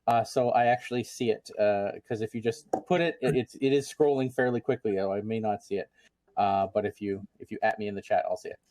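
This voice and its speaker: Casting: mid-pitched man, rambling panel host, dry close mic. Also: darkish tone, dry recording. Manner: rambling, full of ums and restarts. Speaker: convention chair, panel host. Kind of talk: casual panel hosting.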